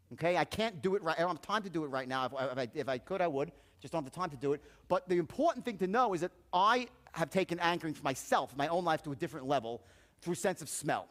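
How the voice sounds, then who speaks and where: High-voiced profane seminar speaker. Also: male voice. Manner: profane, anecdotal storyteller acting out dialogue. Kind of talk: motivational seminar talk.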